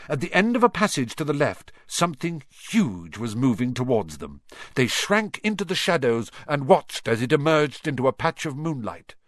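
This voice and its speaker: A man reading a children's story aloud in an animated, expressive manner. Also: medium pitch, no room sound, studio quality. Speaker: audiobook narrator. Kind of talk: scripted storybook narration.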